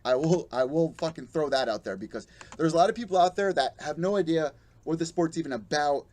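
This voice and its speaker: A man's voice: fairly high pitch, a little fast, darkish tone. Fired-up profane man ranting on a live MMA show. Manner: heated, profane and blunt, mocking quoted fighters. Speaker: podcast host. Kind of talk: live-streamed MMA commentary rant.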